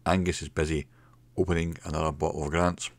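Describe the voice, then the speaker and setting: Deep-voiced man narrating a story. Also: little pitch movement, no echo. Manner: slow, measured storytelling.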